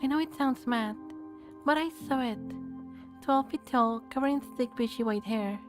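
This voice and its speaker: A woman's voice: fairly high pitch, moderate pace, music in the background, close to an everyday voice. A woman voicing a frantic, wide-eyed male expedition crewman who talks in breathless, urgent bursts.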